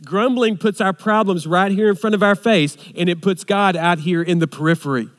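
A male pastor delivering a sermon with an earnest, rhythmic build of repeated phrases. His voice sits a little high for a man, and a long hall reverb trails each line. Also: moderate pace. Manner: earnest, repetitive preaching cadence with frequent restarts and lists.

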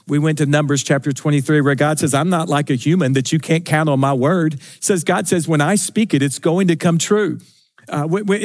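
A man preaching a sermon in an earnest, repetitive style. He stumbles and restarts often, raising and lowering his voice for emphasis. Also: no echo, studio quality. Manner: earnest preaching with many restarts and repeated phrases; swings between raised and lowered pitch for emphasis. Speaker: pastor.

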